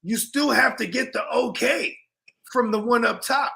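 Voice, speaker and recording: Young male co-host; loose, profane banter, high and edgy. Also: measured pace, creaky, pushed and bright. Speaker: podcast co-host. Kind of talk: casual sports chat.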